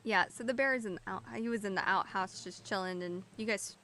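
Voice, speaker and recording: A young woman running a tabletop game as dungeon master, playful and quick with her questions, laughing often. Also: medium pitch, sharp tone, slight background noise.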